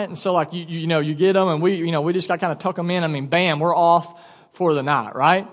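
High-voiced joking pastor in a reverberant church. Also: male voice, fast. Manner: casual, joking storyteller. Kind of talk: sermon. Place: church sanctuary.

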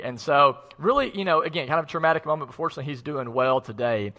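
A man's voice: medium pitch, racing, few pauses, pushed and bright. A man pastor co-preaching an online sermon in an empty church, telling a story in a conversational way with frequent fillers. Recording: long reverb of an empty hall.

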